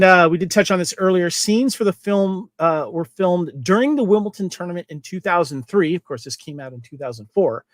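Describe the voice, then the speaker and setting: High-voiced chatty man hosting. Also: no echo. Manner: chatty, reads trivia and quotes aloud, laughs often. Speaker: podcast host. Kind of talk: casual movie podcast chat.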